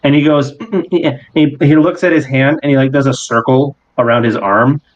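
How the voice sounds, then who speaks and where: A man serving as game master, narrating a tabletop game in an animated, rambling way. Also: mid-range voice, moderate pace, lo-fi sound.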